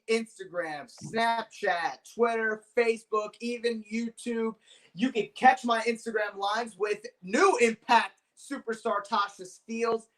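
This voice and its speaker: A young man, a pro wrestler guest in a casual interview, excitable and quick to laugh over a video call. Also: high-pitched, poor audio. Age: young adult.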